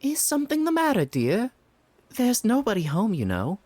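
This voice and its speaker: A man's voice: high voice, huge pitch swings, moderate pace, a little mellow, dry recording, pitched above the performer's own voice, exaggerated voice. A man putting on a gossipy old neighbor lady. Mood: concerned. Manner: gossipy, fussing, pitying.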